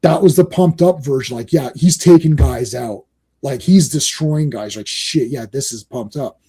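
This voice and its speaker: A podcast co-host with a mid-range, dark, slightly rough voice rants casually about comics at a normal speed. He swears and acts out quotes using different voices.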